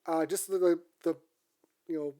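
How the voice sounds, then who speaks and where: A woman co-hosting a podcast in casual chat, halting and repeating words as she searches for them. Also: on the low side, steady tone, warm tone. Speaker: podcast co-host.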